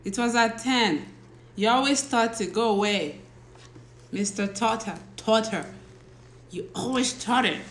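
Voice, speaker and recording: Through a phone or laptop livestream with a faint hiss or hum, a woman with a fairly high voice speaks in a reverberant space. The teacher and host keeps things casual and slow, chatting and laughing as she reads out and greets her viewers' names.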